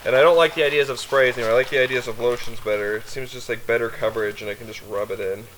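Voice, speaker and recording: A man's voice: mid-range voice, steady tone, very fast, a bit bright, slight background noise, poor audio. A young man chatting casually while camping in the woods, rambling and coaxing his dogs along. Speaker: outdoor vlogger. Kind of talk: casual camping vlog chat. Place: outdoors in the woods by water.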